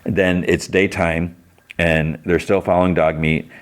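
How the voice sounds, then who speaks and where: Brief: a low-voiced male podcast host recapping loosely, with lots of fillers. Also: little pitch movement, measured pace. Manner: rambling, with many "like"s and restarts. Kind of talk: casual plot recap.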